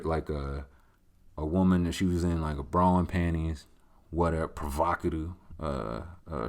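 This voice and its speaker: Deep-voiced man in rambling casual chat. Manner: rambling, loose and joking, with slang and swearing. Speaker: podcast host answering listener questions.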